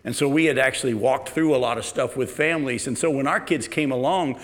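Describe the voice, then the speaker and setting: A middle-aged man preaching a sermon in a conversational, storytelling way, sometimes dropping to a quiet, low delivery. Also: brisk. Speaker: pastor.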